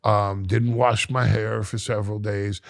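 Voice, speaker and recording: Gravelly middle-aged man telling a dramatic story. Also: on the low side, level tone, measured pace, no echo, clean studio sound. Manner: dramatic, repeats words and restarts, acts out quotes. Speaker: podcast guest. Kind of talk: animated storytelling in an interview. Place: podcast studio.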